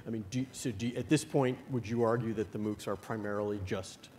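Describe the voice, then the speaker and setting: Halting male panel moderator. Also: fairly low pitch, steady tone, a little mellow. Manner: halting, full of restarts. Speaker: moderator, journalist. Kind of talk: conference panel discussion. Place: conference hall. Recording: long hall reverb, faint noise.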